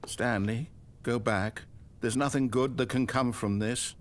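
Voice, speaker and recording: A man's voice: medium pitch, steady tone, a little slow, natural voice. A man voicing an older male video game narrator who pleads with the player and then turns resigned and bitter. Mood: coaxing.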